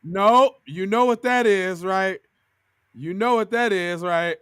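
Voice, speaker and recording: A man co-hosting a podcast, reacting to a news clip in animated, slangy casual talk. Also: high voice, slow. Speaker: podcast co-host.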